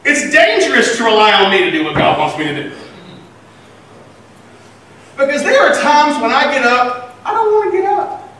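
A man preaching a sermon as pastor, animated, swinging between loud and quiet. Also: very high voice, moderate pace, pauses often. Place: church sanctuary. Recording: echoey church hall from a distant mic.

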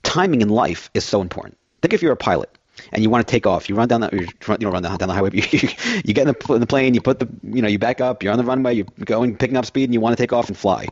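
Fast-talking man hosting finance radio. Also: on the low side, slightly rough, dull audio. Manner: fast-talking, rambling with everyday analogies. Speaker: fill-in radio host.

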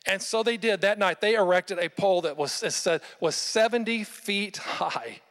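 A man delivers a sermon, retelling a scripture story with animated storytelling and frequent rhetorical questions. His voice sits slightly high for a man. It carries with a long reverb, as in a large hall. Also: normal speed. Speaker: pastor.

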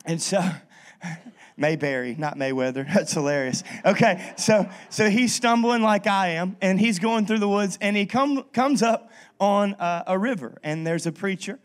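A man's voice: sits high, measured pace. A pastor giving a sermon in a humorous, chatty way, often restarting his sentences.

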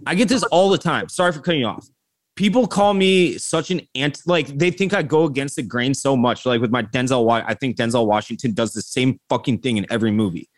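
A man's voice: mid-range voice, brisk. A man co-hosting a podcast, giving blunt, profane opinions in casual chat. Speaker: podcast co-host.

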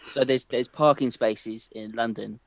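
A man's voice: medium pitch, fairly even intonation, a little slow, dry recording. A man joining a podcast chat, cracking wry, sweary jokes. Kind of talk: casual banter.

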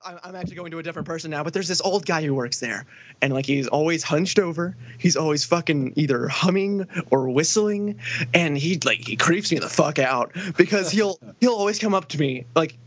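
A young podcast co-host tells rambling stories full of swearing and laughter in a casual chat. His voice is on the high side, fairly quick, and fairly bright, captured on a dry, dull lo-fi recording.

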